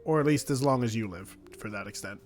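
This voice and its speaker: A man's voice: on the low side, fast, faint music behind. A man hosting a casual call-in show, asking his guest lighthearted questions. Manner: easygoing, asks questions. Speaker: host. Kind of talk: casual interview.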